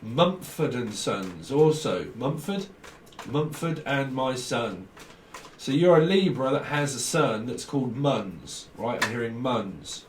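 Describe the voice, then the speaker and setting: A tarot reader with a mid-range voice and lively intonation takes things slowly in his casual reading, rambling through associations and chuckling frequently. The audio comes from a distant mic, roomy and off-mic with faint background hiss.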